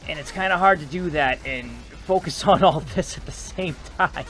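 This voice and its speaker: A man giving rambling, joking gameplay commentary, excitable and chatty. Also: on the high side, moderate pace, hardly any pauses, faint music behind. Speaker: gaming video host.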